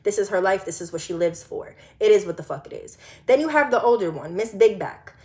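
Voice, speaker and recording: A woman of twenty telling a storytime monologue, animated and blunt, swearing freely and firing off rhetorical questions. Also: medium pitch, brisk. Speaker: vlogger.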